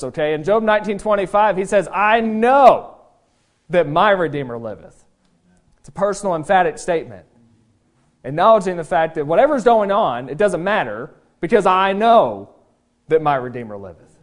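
A man preaching a sermon, emphatic and animated, often acting out voices in his quotes. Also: sits high, normal speed. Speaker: pastor.

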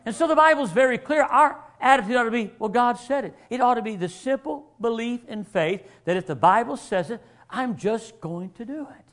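A man preaching a sermon, animated and acting out the voices he quotes, sometimes rising to shouts. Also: extremely high pitch, a little fast.

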